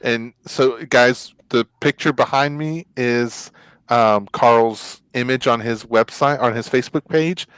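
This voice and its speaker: Excitable, rambling male talk show host. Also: mid-range voice, measured pace, clear, resonant tone, no echo, rough recording. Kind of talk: casual live show chat.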